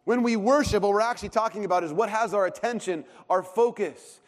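Pastor preaching in a reverberant sanctuary. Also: male voice, high-pitched, fairly quick. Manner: conversational, self-deprecating storytelling. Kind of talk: sermon. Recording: long hall reverb.

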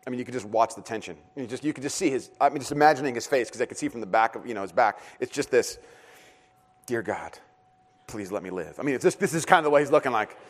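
A man in his thirties preaching a sermon as a pastor, telling a family story in a lively way and laughing often. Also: mid-range voice, very fast, hardly any pauses.

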